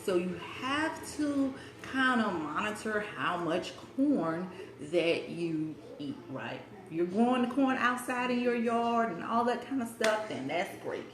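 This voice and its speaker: A woman's voice: medium pitch, lively intonation, a little slow, background noise. Woman host, casual cooking livestream from her kitchen, talks with her mouth full, echoey room. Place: home kitchen.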